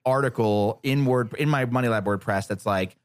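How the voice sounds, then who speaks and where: A man as a podcast guest, telling a story in a casual interview, animated and profane, often acting out what others said. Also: medium pitch, moderate pace, no echo. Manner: animated, profane, acts out quoted voices.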